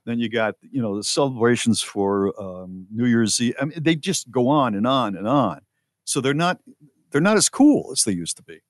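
A middle-aged man co-hosting a casual radio show, telling stories with lively jokes. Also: mid-range voice, moderate pace, no room sound, studio quality. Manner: animated, storytelling, mock voices for jokes. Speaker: co-host.

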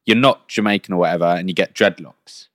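A man's voice: sits low, brisk, no room sound, studio quality. A young man co-hosting a podcast, rambling through ideas in casual, sweary chat. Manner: rambling, animated, swears freely. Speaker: podcast co-host.

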